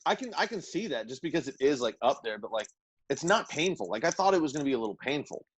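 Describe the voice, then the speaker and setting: A man's voice: medium pitch, big pitch swings, fast talker, breathy edge. Rambling, profane podcast storyteller man. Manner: rambling and profane, full of "like" fillers and laughs. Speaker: podcast co-host. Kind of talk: casual storytelling chat.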